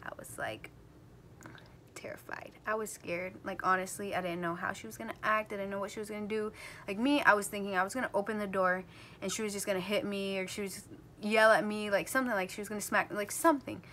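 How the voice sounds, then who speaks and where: A woman's voice: medium pitch, steady tone, quick pace, fairly bright tone, slight background noise. A woman in her late teens from New Jersey, telling a personal story to her camera in a casual vlog, with lots of "like" and "um" and restarts. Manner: rambling, filler-heavy talk, full of "like" and "um". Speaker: vlogger.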